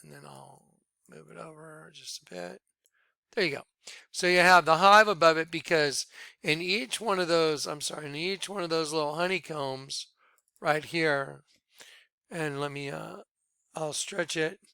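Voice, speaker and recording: Bright, clear-voiced excitable man. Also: on the high side, unhurried, no room sound. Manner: excitable, repeats himself, points things out to viewers. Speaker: ministry leader presenting on screen. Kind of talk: screen-share commentary.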